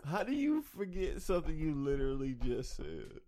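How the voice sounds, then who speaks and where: A man's voice: fairly high pitch, huge pitch swings, moderate pace, warm tone. A young man co-hosting a casual podcast, heckling and cursing, repeating his jabs. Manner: heckling, profane, repeats himself. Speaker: podcast co-host.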